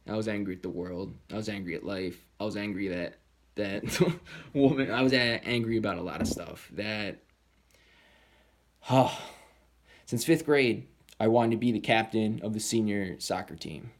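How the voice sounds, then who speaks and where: A young man telling a personal story in a candid, rambling way, swearing often and jumping into high voices when he quotes people. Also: moderate pace. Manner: slips into high-pitched voices when quoting others.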